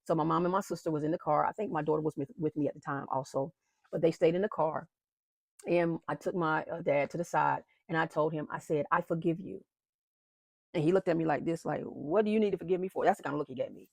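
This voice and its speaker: A woman with a fairly low voice shares a personal faith testimony straight to her viewers. She speaks earnestly, repeats key phrases for weight and calls her audience "y'all." The sound is close and dry. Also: steady tone, fast talker, creaky, a little mellow, no echo. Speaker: founder of an abuse-awareness movement, host.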